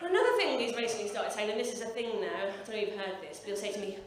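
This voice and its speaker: An English Midlands woman in her forties fires off a brash, punchy, sweary stand-up routine at rapid-fire speed in a club. Medium in pitch and animated, she's captured from a distance on a stage mic in an echoey space, with background noise and audience laughter.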